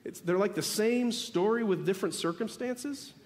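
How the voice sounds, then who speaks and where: A man preaching a sermon as the pastor, animated and building to emphatic peaks. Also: sits high, moderate pace. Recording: long reverb of a large hall.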